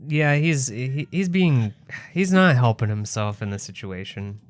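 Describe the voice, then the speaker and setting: A man's voice: medium pitch, lively intonation, a little slow. A man co-hosting a podcast, casually recapping a horror movie with laid-back, exasperated asides and plenty of swearing. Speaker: podcast co-host.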